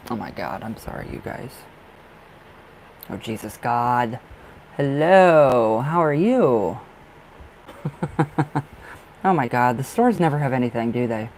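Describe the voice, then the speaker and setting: A man's voice: mid-range voice, animated, a little slow, pauses often, a little hiss or hum, rough recording. A young man doing tarot readings on a live stream, chatting casually with viewers, often apologizing and laughing. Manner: chatty, easily distracted, frequent apologies and laughs. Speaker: livestream tarot reader. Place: dark room at home.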